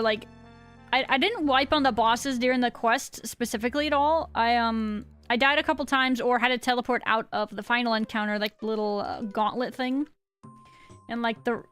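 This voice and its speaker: Streaming a game, a thirtysomething woman chats and rambles in reply to her chat, her voice a little high and a bit bright. There's a slightly sick quality to it.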